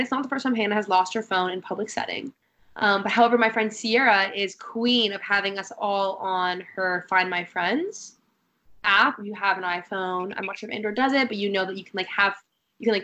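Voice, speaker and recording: A woman's voice: medium pitch, pushed and bright. A young woman co-hosting a casual podcast, telling a story animatedly with lots of fillers. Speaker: podcast co-host.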